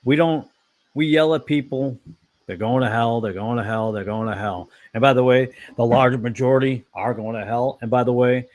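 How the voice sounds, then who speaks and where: A man with a mid-range, slightly mellow voice hosts an online fellowship discussion. He preaches casually and ramblingly, offering blunt opinions and frequently correcting himself.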